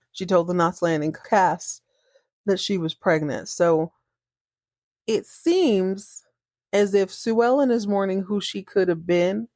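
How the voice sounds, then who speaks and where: Woman on a podcast gabbing through a tv recap, lively, acts out the lines, dry close sound. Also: mid-range voice, no echo. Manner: chatty, animated, acts out characters' lines. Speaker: podcast host. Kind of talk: casual episode recap.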